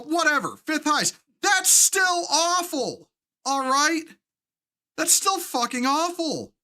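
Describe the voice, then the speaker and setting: A man from the United States hosts a live stream, ranting heatedly with heavy profanity and halting, frequent restarts. His voice is very high-pitched with a sharp tone.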